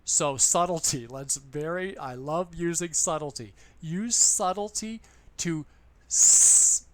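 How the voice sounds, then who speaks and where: Man, slightly high voice, casual how-to talk to camera, upbeat and repetitive. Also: measured pace. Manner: upbeat, chatty, repeats points. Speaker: online English teacher giving tips.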